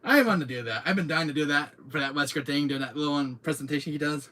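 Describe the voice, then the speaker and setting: A man hosting his own channel, chatting casually to viewers in an excitable, rambling way, often laughing and repeating himself. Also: a little high, fast, hardly any pauses, slight background noise. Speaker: channel host. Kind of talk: casual vlog chat to viewers. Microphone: camera mic, seated in chair.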